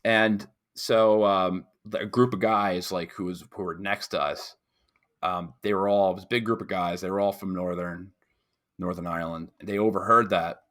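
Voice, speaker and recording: A man's voice: low voice, fairly even intonation, moderate pace. A young man from New York, a podcast co-host, telling a rambling story in casual chat and acting out other people's voices. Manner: rambling storytelling with loud mimicked voices and swearing.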